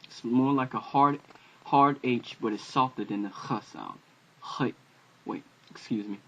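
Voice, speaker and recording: A man giving an informal home-made alphabet lesson, talking haltingly with many fillers and self-corrections. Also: medium pitch, a bit bright. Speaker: language teacher. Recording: dull lo-fi home video audio.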